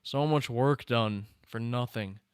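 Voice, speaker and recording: Smooth-voiced excitable male streamer. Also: medium pitch, slow, dry recording, studio quality. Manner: excitable, talks back to the screen and chat. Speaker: streamer host. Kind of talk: live reaction stream, casual chat.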